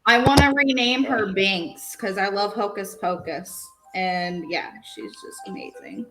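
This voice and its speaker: A woman's voice: mid-range voice, animated, a little slow, a bit bright, soft background music, poor audio. A woman co-hosting a casual podcast chat, giggly and chatty, drifting off on tangents. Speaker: podcast co-host.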